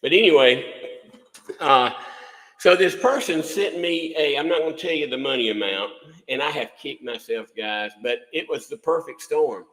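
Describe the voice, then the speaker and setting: A bright-voiced man, chatting casually on a livestream in a folksy, rambling way. He trips over and repeats his words as he talks. The recording has a lingering room reverb. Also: on the high side, normal speed. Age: 60s. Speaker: livestream host, music instructor.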